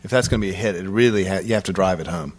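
A man's voice: deep voice, racing. A man, a guest musician, telling stories in a casual studio interview in a laid-back, profane way. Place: recording studio. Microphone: studio microphone close up.

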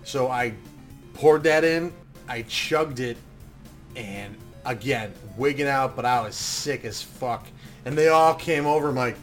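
A man in a relaxed, profanity-laced conversation, telling stories with lively energy and loud bursts when he acts out his past self. His voice sits in a middle range, and faint music plays under the talk. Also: medium pitch, unhurried. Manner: animated, swearing, acts out his own past talk loudly. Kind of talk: casual storytelling chat.

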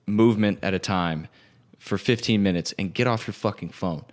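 Halting man with a lowish voice. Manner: halting, filler-heavy talk. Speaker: podcast co-host reading listener questions. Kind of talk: casual chat.

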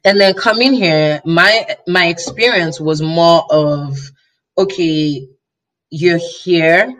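A woman's voice: on the low side, takes it slowly, a bit bright. A woman from Nigeria, speaking in a thoughtful, reflective way during a casual chat. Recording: voice slightly distant from mic.

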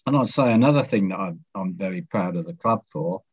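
A man's voice: low-pitched, animated, fairly quick, a little mellow, slightly rough, lo-fi sound. A man in his seventies, a long-time club member, reminiscing casually in brief, understated replies.

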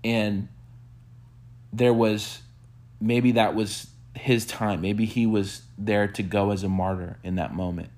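A man preaching a sermon, telling a story with animated quoted bursts and soft hushed reflective asides. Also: takes it slowly. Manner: animated storyteller, acts out quotes with sudden high-pitched bursts. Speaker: pastor.

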